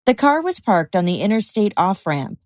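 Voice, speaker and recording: A woman hosting a podcast, reading a scripted true-crime narration in a measured, even way. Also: medium pitch, dry recording. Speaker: podcast host.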